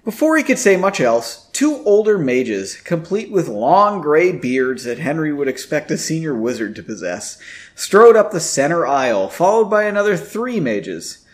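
A man's voice: on the high side, big pitch swings, normal speed. A man reading a story aloud, breaking off for wry comments on the writing. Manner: wry, self-interrupting commentary. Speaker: reader.

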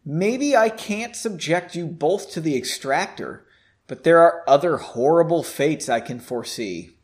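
A man voicing a spiteful, gloating male mage who plays the villain, with a lively, rather high voice. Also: measured pace.

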